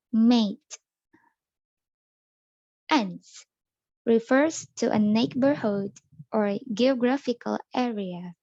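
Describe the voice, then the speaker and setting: A young woman student reading an educational narration slowly and carefully. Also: a little high, a little mellow, no room sound, highs cut off. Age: young adult. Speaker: student presenter. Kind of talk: read-aloud educational narration.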